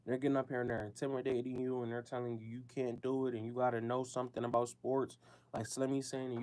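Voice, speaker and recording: A man's voice: medium pitch, darkish tone. A man from the United States hosting a show, talking casually in a loose, slangy monologue that circles back on itself and speaks straight to his listeners. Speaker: show host.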